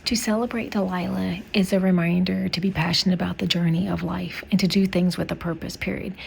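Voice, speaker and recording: Heartfelt woman with a gravelly edge. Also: lowish voice, steady tone, brisk, darkish tone, a little hiss or hum. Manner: heartfelt, admiring. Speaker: colleague. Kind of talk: personal memorial tribute.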